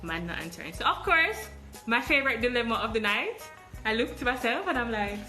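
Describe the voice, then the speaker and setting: A woman's voice: fairly high pitch, expressive, fairly quick, reverberant, over music. A woman with a Jamaican accent who hosts a podcast, animatedly telling a travel story and acting out the dialogue. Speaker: podcast host.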